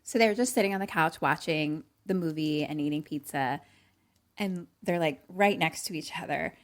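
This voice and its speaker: A woman's voice: low voice, normal speed. Chatty woman recapping a movie. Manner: chatty, filler-heavy retelling with acted-out quotes. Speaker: podcast co-host. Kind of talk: casual chat recapping a movie.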